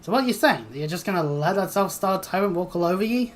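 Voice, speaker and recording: A woman's voice: fairly low pitch, expressive, quick pace, slight background noise, close to an everyday voice. Woman doing a brash, scolding adventurer woman. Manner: scolding, old-fashioned "ye" speech. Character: brash, blunt adventuring woman with rough talk. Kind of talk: reading game dialogue aloud.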